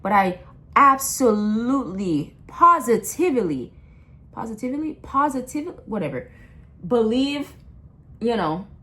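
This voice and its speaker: A woman's voice: fairly high pitch, sing-song, a little slow, sharp tone. A young adult woman in a blunt, impassioned rant, slangy and full of repeats and restarts. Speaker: vlogger. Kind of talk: casual ranting monologue.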